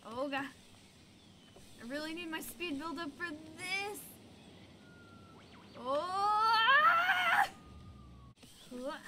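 Game music and other background noise accompany a young woman's high-pitched voice as she plays and chats on her gaming video. She speaks slowly and pauses often, yet stays bubbly, squealing and exclaiming frequently in her playful commentary.

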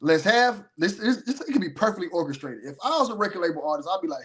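A man's voice: sits high, animated, quick pace, a bit bright, slightly rough. A man hosting a casual commentary show, telling rambling, profane stories with a lot of animation. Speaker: host.

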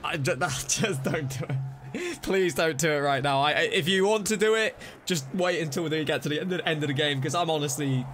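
A man streaming a zombie game live, reacting excitably, scolding himself and thanking donors. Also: a little high, quick pace, few pauses. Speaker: livestreamer. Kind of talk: live gameplay commentary. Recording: music playing behind voice. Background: game music and gunfire.

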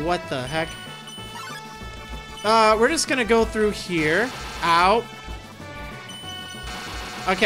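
A woman commenting live on a video game she is playing, reactive and playful, exclaiming and laughing often. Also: medium pitch. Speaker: let's play host.

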